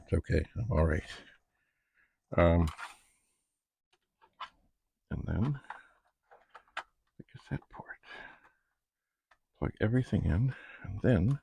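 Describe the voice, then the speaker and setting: Deep gravelly-voiced man narrating his tinkering. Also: lively intonation, slow, long pauses, mellow. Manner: chatty, narrates each step, playful asides. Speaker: vlog host testing vintage computers. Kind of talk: casual narration while working.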